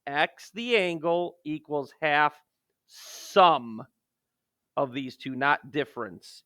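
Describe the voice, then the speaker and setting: A man talking through a geometry lesson as a math teacher, joking and poking fun at himself. His voice is bright and sharp and sits a little high. It is recorded close and dry, with no room sound. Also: takes it slowly, no room sound. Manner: joking, self-deprecating, jumps from playful outbursts to mutters.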